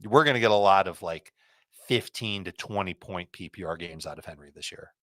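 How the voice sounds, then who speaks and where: A man giving quick, confident fantasy football start and sit advice, rattling off picks one after another. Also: deep voice, a bit bright, dry recording.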